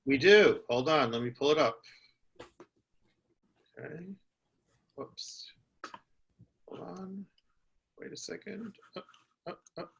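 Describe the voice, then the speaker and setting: A man moderating an online class, briskly handling the screen and passing on questions. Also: on the high side, expressive, vocal fry, noisy background.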